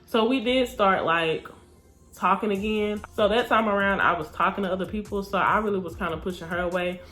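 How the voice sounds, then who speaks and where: A woman's voice: mid-range voice, fairly quick. Young woman, blunt storytime vlogger, faint music behind. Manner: animated, blunt, cursing freely, acts out quotes. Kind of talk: casual storytelling.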